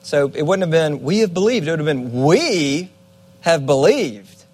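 A man's voice: a little high, expressive, a little mellow. Earnest, conversational young male preacher. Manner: earnest and conversational, with dramatic pauses. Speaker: youth pastor. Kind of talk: Bible teaching sermon.

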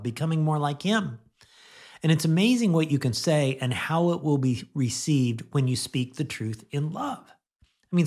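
A middle-aged man giving a conversational radio sermon, chatting gently and laughing now and then, then leading a prayer. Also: medium pitch. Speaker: pastor.

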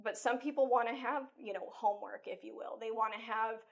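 A woman life coach talking casually as an interview guest, chatty and animated, acting out her own thoughts with lots of "like" and "you know.". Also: fairly high pitch, a little fast, vocal fry. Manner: acts out her own inner thoughts while telling stories. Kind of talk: conversational interview.

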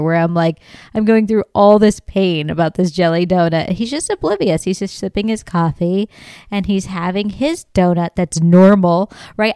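Brief: woman comic host, smooth clear voice, close and dry mic, animated storytelling, swears freely. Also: medium pitch, no room sound. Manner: animated, swears freely, laughs often, acts out quoted lines. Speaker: podcast host. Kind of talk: comedic storytelling monologue.

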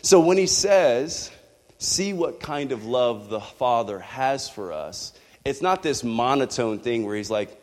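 A male pastor preaching a sermon, animated, with rhetorical questions to the congregation. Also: medium pitch, slow. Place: church hall. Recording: echoey hall.

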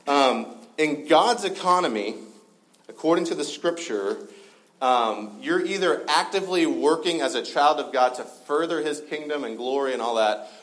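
A man preaching a conversational sermon to a live gathering, relaxed and full of fillers and joking asides. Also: a little high, moderate pace, rough recording.

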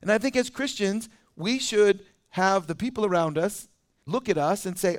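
A man with a noticeably high voice delivers a sermon to his congregation. He keeps it conversational, chuckling as he goes and slipping into quick acted-out scenes. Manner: conversational, chuckles often, acts out little scenes. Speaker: pastor. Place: church.

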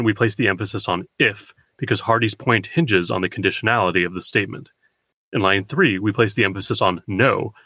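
A man hosting a poetry podcast, giving a scripted, measured lecture and slowing down to read verse. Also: on the low side, sharp tone, breathy edge, no echo. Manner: measured, deliberate, slows for quoted verse.

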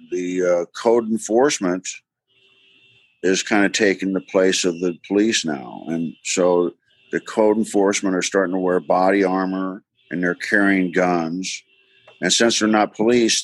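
A man, a doctor from Mississippi, telling his story as a podcast guest in an earnest, halting way with many fillers. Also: low voice, dry recording. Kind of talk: conversational interview storytelling.

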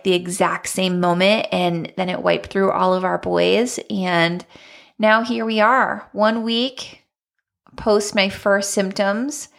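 A woman in her thirties hosting a podcast, chatting candidly and laughing often while she recovers from an illness that has slowed her down. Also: mid-range voice, creaky. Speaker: podcast host. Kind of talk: casual chat.

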